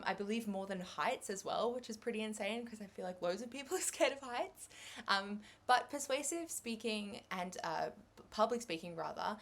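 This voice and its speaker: A young Australian woman giving a revision lecture on English exam skills, chatty and upbeat, with light laughs. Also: medium pitch.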